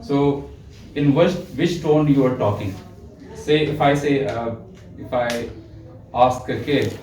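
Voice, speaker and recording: A man's voice: medium pitch, slow, a little mellow. A male teacher giving a classroom lecture, acting out example tones of voice and quizzing his students. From Pakistan. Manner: demonstrative, acts out example tones, asks class questions. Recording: echoey classroom from far off.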